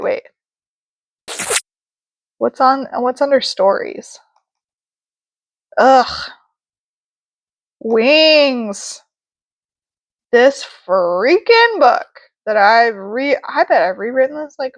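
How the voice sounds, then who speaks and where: Young woman vlogging, high animated voice, self-mocking and giggly, close dry mic. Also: no echo. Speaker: youtuber. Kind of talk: casual vlog, reading old writings aloud.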